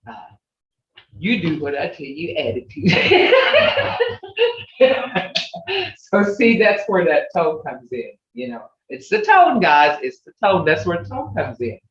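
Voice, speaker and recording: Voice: mid-range voice, a bit bright. A language teacher leading an online class, patiently repeating example phrases over and over. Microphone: video call. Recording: echoey, dull video-call audio.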